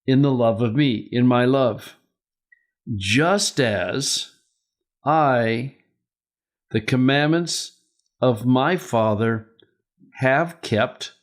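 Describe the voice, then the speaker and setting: A man teaching a verse-by-verse Greek grammar lesson, methodical and asking rhetorical questions as he explains. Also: mid-range voice.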